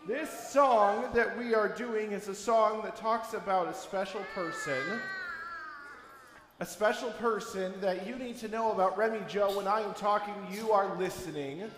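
A man's voice: high-pitched, unhurried. Playful man leading children's chapel. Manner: playful, coaxing a young crowd, bursts of shouting and singing. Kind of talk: children's chapel talk with songs. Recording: echoey hall, long reverb.

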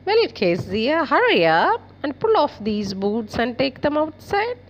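A stern, imposing father who barks curt orders at his little daughter, as a woman teacher reads him aloud. The voice sits a bit high and moves slowly, with lively ups and downs in the reading.

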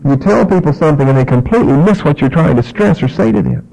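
A man with a high-pitched voice delivers a sermon. He preaches with strong emphasis, reads scripture aloud and puts on the voices of the people in the passage. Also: lively intonation, quick pace, vocal fry, mellow, poor audio. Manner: emphatic preaching with scripture reading and acted-out dialogue.

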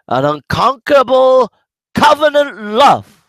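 A high-pitched male preacher delivering a passionate sermon at an unhurried pace. He builds to ringing shouts of joy, then sinks to soft, low phrases. The sound is close and dry, with no room echo. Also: big pitch swings. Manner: fervent, shouting in waves then dropping low. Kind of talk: sermon and prayer.

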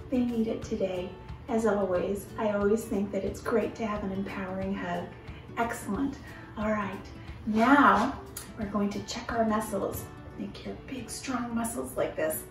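A woman at home leading a gentle, encouraging children's movement and singing lesson. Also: on the high side, recorded from a distance. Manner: gentle, encouraging, sings along. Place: her home. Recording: roomy, from away from the mic.

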